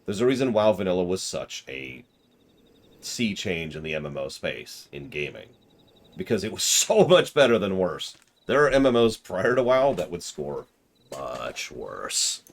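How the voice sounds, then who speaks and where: A man's voice: deep voice, very animated, measured pace. A man streaming and reviewing a game, talking casually with sardonic, ranting humor. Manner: sardonic, ranting with mock vehemence. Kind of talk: casual game commentary while reading dialogue aloud.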